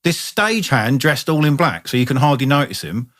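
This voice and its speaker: A man's voice: medium pitch, sing-song, brisk, a bit bright. A man, co-hosting a podcast in casual chat and telling enthusiastic, sweary stories. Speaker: podcast co-host.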